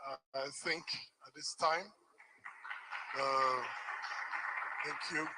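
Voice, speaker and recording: A man's voice: a little high, fairly even intonation, extremely slow, noisy background. A man moderating a press conference, hesitant and full of fillers.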